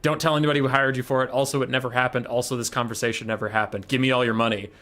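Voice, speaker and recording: A man voicing a brash male rat assassin who talks in a cocky, blunt, loud way while retelling a story on a game stream. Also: medium pitch, little pitch movement, racing, natural voice.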